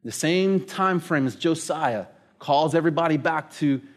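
Male pastor, middle-aged, slightly higher-pitched, lively storytelling sermon delivery. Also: normal speed. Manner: storytelling, animated, conversational preaching.

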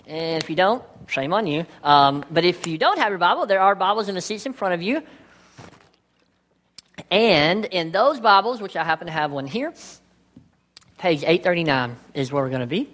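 Woman preacher in a church, chatty and joking with the crowd, middle pitch. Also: a bit bright. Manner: conversational, playful asides to the congregation. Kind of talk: sermon. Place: church sanctuary.

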